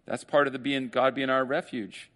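A man's voice: mid-range voice, little pitch movement, moderate pace, a bit bright. A man preaching a sermon as pastor, conversational, with joking asides to the congregation.

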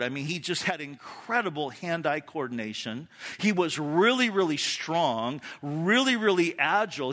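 A man's voice: sits high, bright, forceful tone. A middle-aged man preaching a sermon, telling stories in a conversational way, often restarting his phrases. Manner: storytelling, with frequent restarts and "you know". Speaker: pastor.

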